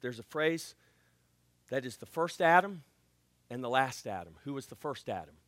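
A man preaching a sermon as pastor, swinging from loud proclaiming to hushed near-whisper and acting out Bible voices with playful asides. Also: mid-range voice, lively intonation, moderate pace, no room sound.

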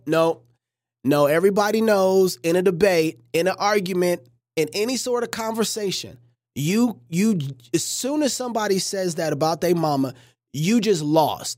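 Woman, livestream host, casual reaction commentary, joking, preachy, very lively pitch, dry close sound. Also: no echo. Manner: animated, joking, preachy asides.

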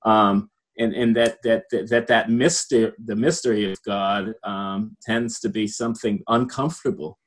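A man's voice: fairly low pitch, fairly even intonation, normal speed, poor audio. A man in a casual discussion, thinking aloud with frequent restarts and a reflective manner. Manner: hesitant, many restarts, reflective.

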